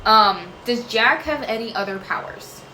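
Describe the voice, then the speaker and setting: A woman's voice: a little high, animated, unhurried, sharp tone. A woman vlogger answering viewer questions in casual chat, rambling, often trailing off with fillers and "I don't know". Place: home room. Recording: echoey room with faint noise.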